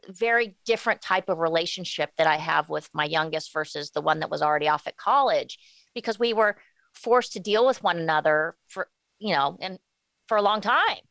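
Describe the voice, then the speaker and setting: A woman's voice: lowish voice, vocal fry, a bit bright, no echo. A woman in her forties talking candidly as an interview guest, often restarting her sentences. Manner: candid, halting with many restarts. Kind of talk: casual interview talk.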